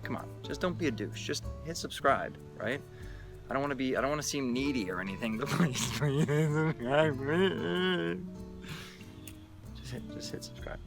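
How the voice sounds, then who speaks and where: Male vlogger, jokey and crude, mid-pitched, to a selfie-stick camera over background music. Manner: joking, profane, mock-exasperated. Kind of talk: casual to-camera vlog.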